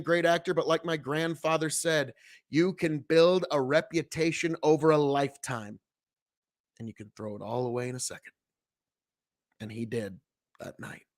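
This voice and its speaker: Male host from Nebraska, slightly high voice, dry booth sound; casual, blunt, swears freely. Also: no room sound. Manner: blunt, heavy swearing, rambling asides. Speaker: podcast host. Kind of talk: casual commentary.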